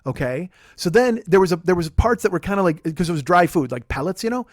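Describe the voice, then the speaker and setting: A man's voice: sits high, expressive, quick pace, dry recording, clean studio sound. A man hosting a podcast, telling rambling comic stories in casual chat, full of swearing. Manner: profane, rambling, jokey storytelling. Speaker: podcast host.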